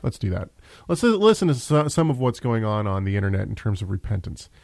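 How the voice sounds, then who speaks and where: A man's voice: lowish voice, fast talker, creaky, a little mellow, dry recording. A man hosting a casual religious discussion show, talking in a conversational way with frequent restarts. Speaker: host.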